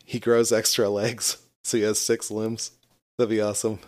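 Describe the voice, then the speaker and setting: A man's voice: fairly low pitch, little pitch movement, normal speed, darkish tone. A man co-hosting a casual podcast chat, laughing often and swearing freely. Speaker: podcast co-host.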